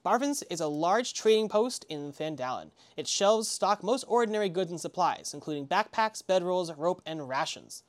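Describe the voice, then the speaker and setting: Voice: medium pitch, animated, normal speed, hardly any pauses. Rambling tabletop game master. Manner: rambling, many fillers and restarts.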